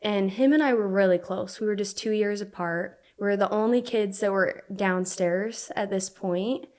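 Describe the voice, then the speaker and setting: A young woman from Utah speaks as a podcast guest, telling her story conversationally. She talks in halting bursts, leaning on "like" again and again. Her pitch sits in an ordinary middle range. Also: a little mellow. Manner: halting, filler-heavy speech with frequent "like".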